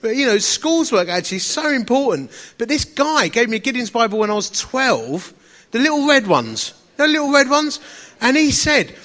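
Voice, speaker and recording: Preacher guy, kinda high voice, bit of a lisp, chatty and fired up. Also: big pitch swings, normal speed, pushed and bright. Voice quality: slight lisp on some words. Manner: storytelling, enthusiastic, chatty with laughs. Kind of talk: sermon.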